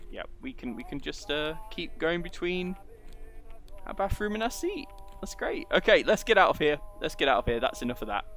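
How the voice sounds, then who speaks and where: A man's voice: fairly high pitch, sing-song, normal speed, fairly bright tone. A man giving casual, rambling commentary as he plays through a game and reads its text aloud. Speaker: let's play gamer.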